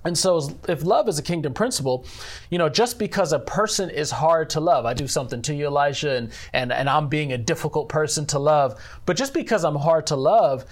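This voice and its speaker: A man who directs a church ministry, speaking earnestly in an interview about faith, measured and leaning on "you know.". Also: a little high, lively intonation.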